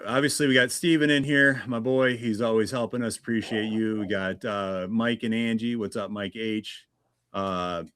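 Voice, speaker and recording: A man's voice: lowish voice, a bit bright, no echo. A man hosting a casual livestream, chatty and greeting viewers one by one. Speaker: livestream host.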